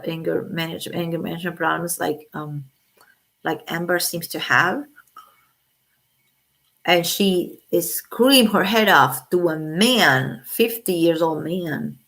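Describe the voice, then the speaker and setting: A woman, an adult with children, hosts a livestream, chatting casually, giving blunt opinions, and swearing freely. Her voice is on the low side and a bit bright.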